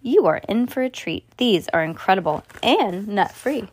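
A woman's voice: medium pitch, animated, moderate pace, slightly rough. A woman reading the lines of a cheerful, friendly teenage boy in a storybook. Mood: eager.

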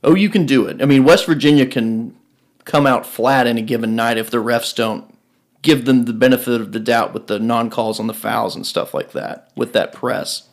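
Male podcast co-host, mid pitch, blunt casual sports talk. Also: normal speed, gravelly. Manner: blunt, profane, analytical.

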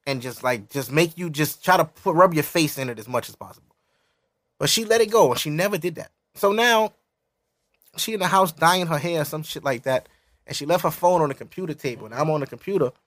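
A man's voice: on the high side, brisk, no echo, studio quality. A man in his thirties, a podcast host, telling a story in casual, profane chat. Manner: animated, profane, laughs through his story.

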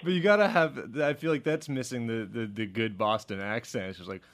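A man co-hosting a podcast in casual chat, animated, laughing often and filling his talk with "like". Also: medium pitch, a little fast. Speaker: podcast co-host.

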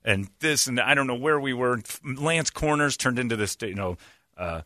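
A man's voice: mid-range voice, normal speed, no room sound, studio quality. A man hosting a casual chat, telling road-trip stories with lots of laughter and acted-out voices. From West Virginia. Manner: animated storyteller, laughs often, acts out voices. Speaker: podcast host.

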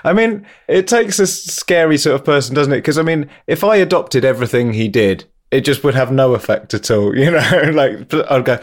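A man's voice: medium pitch, lively intonation, fairly quick, hardly any pauses. A man with a mid-range voice, chatting casually in a wry, self-mocking way. He laughs easily and keeps it light. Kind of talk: casual chat.

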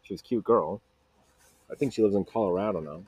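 A man in his thirties hosts a podcast, casually telling a personal story while tripping over repeated words and fillers. His voice sits on the low side, a little mellow and husky, and he talks fast. The recording has no room sound.

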